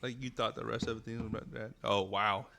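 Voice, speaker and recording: A man's voice: fairly low pitch, steady tone, brisk, gravelly, sharp tone. Blunt, profane male streamer. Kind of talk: music reaction commentary.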